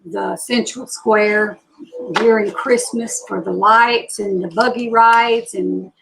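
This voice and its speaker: A woman's voice: mid-range voice, steady tone, creaky, background noise. A woman in her sixties with an Alabama Southern accent, chatting casually with viewers as host of a live psychic reading stream. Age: 60s. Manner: chatty, slow Southern drawl, greeting viewers by name.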